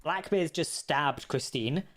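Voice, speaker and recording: A man's voice: a little high, takes it slowly, fairly bright tone. A man hosting a livestream of a video game, chatting casually and laughing often. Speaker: community manager hosting a livestream.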